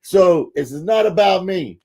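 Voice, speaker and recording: A man with a drawl hosts a casual podcast. His voice sits fairly high for a man, and he talks in a folksy, filler-heavy way that jumps into excited bursts. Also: unhurried, slightly rough. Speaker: podcast host.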